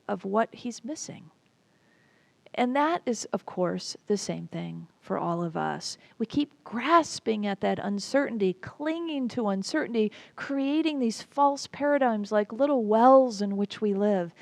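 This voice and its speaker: Give me a reflective woman minister preaching in a gravelly voice. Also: medium pitch, a little mellow, no echo. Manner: reflective, unhurried, with pauses. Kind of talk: sermon.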